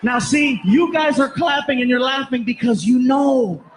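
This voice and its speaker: High-voiced man telling a stand-up story. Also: normal speed, background noise. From Los Angeles, USA. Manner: animated, laughs through his own punchlines. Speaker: stand-up comedian. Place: comedy stage before a live audience.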